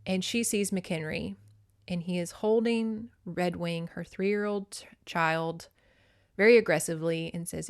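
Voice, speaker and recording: A young woman podcast host recapping a novel in a casual, chatty way, swearing often and acting out the characters. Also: lowish voice.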